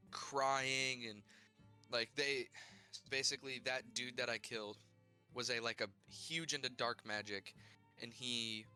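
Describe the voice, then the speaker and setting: A man's voice: medium pitch, sharp tone, clear, resonant tone. A man recapping his character's adventure in a tabletop game, in a rambling, casual way full of "like" and restarts. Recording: faint music behind.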